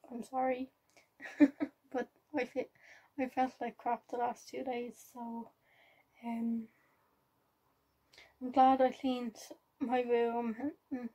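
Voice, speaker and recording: A woman's voice: a little high, mellow, breathy edge, poor audio. A young woman chatting casually in a home vlog, rambling with lots of ums and often dropping to a whisper. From Ireland. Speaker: vlogger. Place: home bedroom, indoors.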